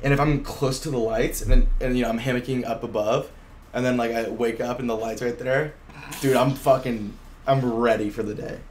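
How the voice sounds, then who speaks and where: Young male co-host, upbeat and slangy, talks fast at a mid pitch, faint noise in the room. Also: steady tone. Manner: enthusiastic, slangy, swears. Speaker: podcast co-host. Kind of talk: casual chat.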